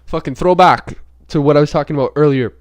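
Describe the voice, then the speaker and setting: A man's voice: fairly high pitch, fast talker. Rambling, profane young man. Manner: rambling and profane, heavy use of filler words. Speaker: podcast host. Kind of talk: casual unscripted monologue.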